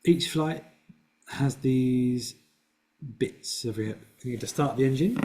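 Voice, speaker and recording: Over a video call, a male flight instructor gives a casual online flying lesson, patiently explaining step by step with small fillers. His voice is mid-range, slow and a little mellow.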